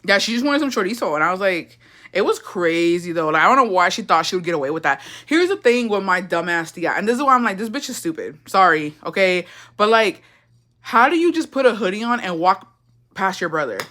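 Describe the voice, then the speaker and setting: Her medium-pitched voice is sing-song and sharp, moving a little fast. She's a young woman hosting a livestream for a casual storytime, recounting a profane bit of family gossip with laughs and Spanish mixed into her English.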